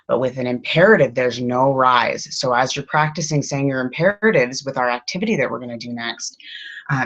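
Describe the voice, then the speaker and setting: Female English teacher, slow and patient, lots of filler pauses, muffled lo-fi sound. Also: rumbling low, fairly bright tone. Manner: slow, patient, with many ums. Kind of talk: classroom lesson.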